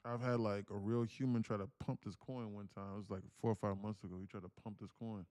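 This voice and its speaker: A man livestreaming his day trading, telling stories in a slangy, animated way at home. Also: on the low side, fast. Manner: animated storytelling, slangy, calls people bro. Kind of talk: casual livestream chat.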